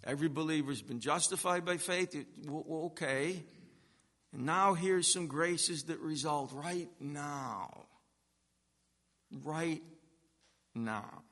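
A pastor preaching a sermon, slow and emphatic, with long pauses and rising swells of force. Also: male voice, fairly high pitch, a bit bright, in a large hall.

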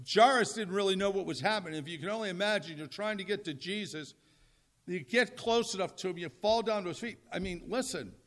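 High-voiced older male preacher. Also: fairly bright tone. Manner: conversational, humorous, asks the audience questions. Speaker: pastor. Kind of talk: sermon.

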